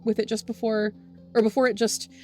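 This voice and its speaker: A woman voicing a worried, clever teen girl who speaks in halting restarts. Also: fairly high pitch, level tone, a little mellow, faint music behind, lightly acted. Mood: troubled. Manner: halting, restarts mid-sentence.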